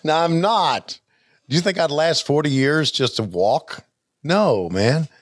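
A man's voice: fairly high pitch, lively intonation, dry recording, clean studio sound. An older man hosting a podcast, chatting casually and stammering over old wrestling footage. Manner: halting, stammering, chuckles often. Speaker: podcast host.

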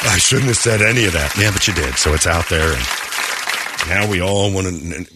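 A man's voice: deep voice, normal speed, a loud crowd, heavy background noise. A man hosting a morning radio show, telling a story in casual banter and slipping into quoted voices.

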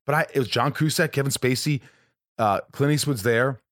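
A man's voice: medium pitch, normal speed, fairly bright tone, dry recording, studio quality. A man and actor chatting casually, telling a story and acting out the people he quotes. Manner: chatty, acts out quoted voices. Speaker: actor, podcast co-host. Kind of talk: casual conversation.

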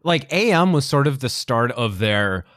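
A man hosting a podcast in a casual chat, rambling with lots of ums and quick laughs. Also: medium pitch, very animated, fairly bright tone, dry recording, studio quality. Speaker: podcast host.

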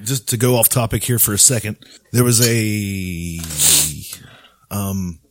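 A man's voice: fairly low pitch, slow, dry recording. A man co-hosting a podcast in casual chat, laid-back and full of crude jokes. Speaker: podcast co-host.

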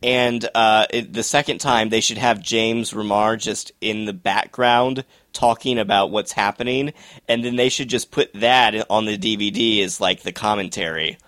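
A man's voice: on the low side, steady tone, moderate pace, a bit bright, dry recording. Easygoing laughing man, dry sound. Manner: easygoing, laughs often, playful. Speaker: TV review podcast co-host. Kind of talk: casual review chat.

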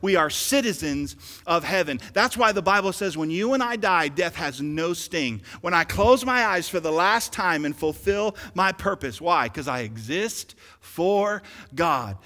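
A pastor in his forties preaching a sermon, swinging from loud urgent calls to quiet intimate asides. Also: a little high. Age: 40s. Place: large church hall. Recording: long hall reverb.

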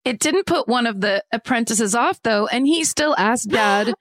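A woman's voice: a little high, normal speed, no room sound. A woman co-hosting a podcast, reading listener stories aloud with lots of laughter and dry asides. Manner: laughs often, reads with deadpan asides. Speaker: podcast co-host.

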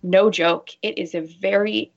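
A woman's voice: mid-range voice, fairly even intonation, measured pace, highs cut off. A woman who works as a bra fitter, talking earnestly in a casual interview and telling stories with animation.

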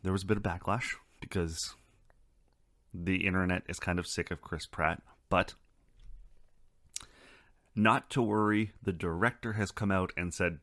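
A man's voice: low-pitched, normal speed, pushed and bright, no room sound, studio quality. A man hosting a casual solo podcast, talking in a loose, rambling and profane way. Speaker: podcast host.

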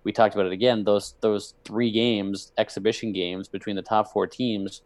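A man's voice: lowish voice, level tone, moderate pace, a little mellow, no room sound. A man co-hosting a podcast, rambling through casual sports chat, restarting and correcting himself as he goes. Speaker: podcast co-host.

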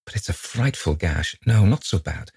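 A man's voice: on the low side, expressive, moderate pace, a little mellow, husky, dry recording, clean studio sound, full character voice. A man reading a distraught young woman in an audiobook, pleading and breaking between laughter and sobs. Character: distraught young woman, sobbing, wounded pride.

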